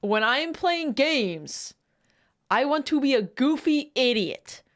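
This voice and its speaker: A woman streaming a casual reaction, excitable and quick to laugh and swear. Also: sits high.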